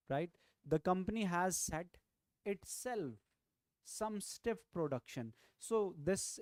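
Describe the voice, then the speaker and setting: Slow, methodical tutor with an Indian English accent. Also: mid-range voice, warm tone, dry recording. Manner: repeats key phrases, explains step by step; frequent checking "right?". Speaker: exam prep tutor. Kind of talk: grammar lesson.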